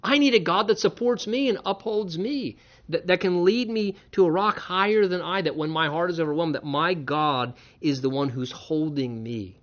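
Pastor guy preaching, kinda high voice, jokes around a lot, muffled lo-fi sound. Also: normal speed. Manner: animated, with wry humorous asides. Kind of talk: sermon. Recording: dull lo-fi recording.

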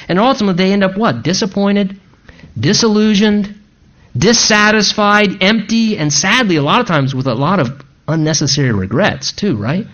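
A pastor preaching a sermon in an earnest, emphatic, conversational way. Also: male voice, sits high, a bit bright. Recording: dull lo-fi sound.

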